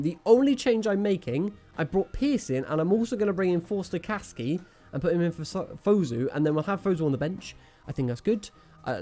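An excitable man calls his own football game as he plays it, his voice leaping up and down all the time. He cracks jokes and chats to his viewers with faint music behind him. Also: fairly high pitch. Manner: excitable, jokey, talks to viewers and himself. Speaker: gaming channel host. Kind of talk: live video game commentary.

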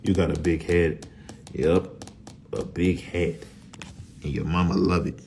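A young man, vlogging casually, energetic and profane, often dropping to whispers. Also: deep voice, a little slow, vocal fry, soft background music. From Florida. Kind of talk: casual vlog talk.

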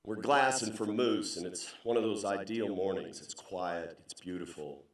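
A middle-aged man giving a comedic keynote speech, telling stories in a punchy, joking way with sudden loud outbursts. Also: low voice, moderate pace. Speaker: keynote speaker. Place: large banquet hall. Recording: very echoey hall, voice from a distance.

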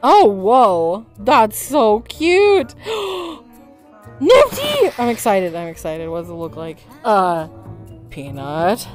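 A woman's voice: medium pitch, sing-song, extremely slow, darkish tone, soft background music. A woman streaming casually with friends, teasing them and breaking into giggles. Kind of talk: casual chat on a live stream.

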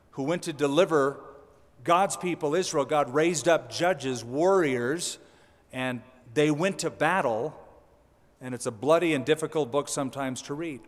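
A man's voice: a little high, long reverb tail. A male pastor preaching a sermon in a conversational way, with dry humorous asides.

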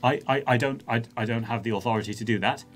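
A man's voice: mid-range voice, fast talker, a bit bright, faint music behind. A man, a player in a tabletop game, talking in character, stammering and restarting in a flustered way. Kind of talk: in-character tabletop role-play.

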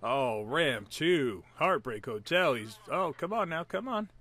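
An excitable man calls a friend's tank battle live, cheering hits and groaning at misses. His pitch leaps all over the place, and his tone is bright and forceful. He keeps teasing the player with playful asides. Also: unhurried. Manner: excitable, joking, reacting loudly to hits and misses. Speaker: gameplay commentator.

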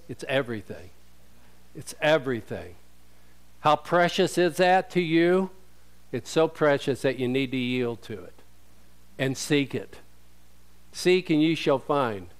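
A man's voice: a little high, smooth. A male pastor preaching a sermon in a conversational way, asking rhetorical questions and quoting scripture.

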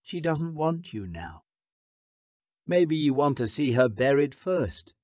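A man's voice: fairly high pitch, sing-song, slow pace, a little mellow, dry recording, clean studio sound, pitched above the performer's own voice, full character voice. A man voicing a bitter, furious woman nurse. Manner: accusing, scornful, raising her voice. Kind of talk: audiobook character reading.

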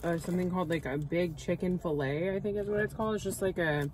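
A woman's voice: fairly low pitch, fast talker, a loud crowd, rough recording. A woman co-hosting a food channel, chatting easily and humming between bites in a parked car. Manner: easygoing, hums and says 'like' a lot. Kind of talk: casual mukbang chat while eating.

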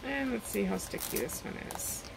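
A woman's voice: mid-range voice, very animated, moderate pace, vocal fry, heavy background noise. A woman chatting casually at home as she unboxes and reviews craft kits, rambling and trailing off mid-sentence.

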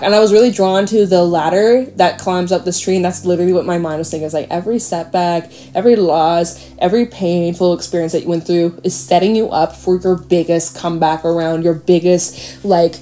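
A woman's voice: medium pitch, warm tone, a little hiss or hum. A woman giving a casual tarot reading to camera, chatty and rambling, with frequent fillers and the odd swear. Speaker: tarot reader. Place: home with a dog nearby.

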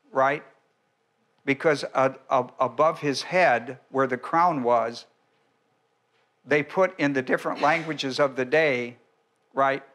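Slow and deliberate, a male pastor moves verse by verse through his sermon in a bright voice on the high side. He keeps restarting and clears his throat from time to time.

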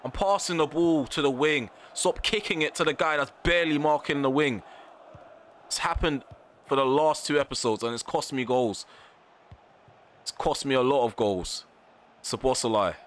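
A man's voice: mid-range voice, moderate pace, slight background noise. A man commentating live over his football video game, ranting in frustration and repeating himself in slangy phrases. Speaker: gaming YouTuber.

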